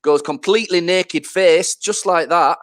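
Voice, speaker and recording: A man's voice: high voice, a little slow, dry recording, studio quality. A man, casually chatting as a podcast co-host and acting out scenes in silly voices. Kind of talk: casual chat.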